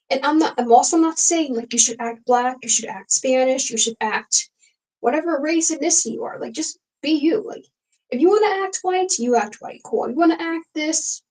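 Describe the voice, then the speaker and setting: A woman's voice: sits high, a little mellow, low-quality recording. A young woman hosting a casual late-night livestream, talking frankly and rambling with many fillers and restarts. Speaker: livestream host.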